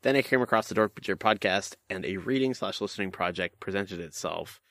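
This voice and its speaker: A young man hosting a casual podcast, reading listener mail aloud with quick jokey banter. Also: sits low, fairly bright tone, dry recording. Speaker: podcast host.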